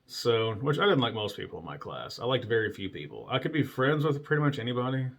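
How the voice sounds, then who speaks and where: A man's voice: mid-range voice, big pitch swings, quick pace. Profane, blunt man telling stories. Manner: profane, blunt, laughs at his own stories. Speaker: podcast host. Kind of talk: casual solo storytelling.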